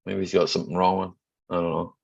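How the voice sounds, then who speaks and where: Middle-aged Scottish man, gravelly and unhurried, hosts a chatty home live stream; dull lo-fi sound. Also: low-pitched, level tone. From Scotland. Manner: chatty, joking, greets viewers by name. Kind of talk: casual live chat reading viewer comments.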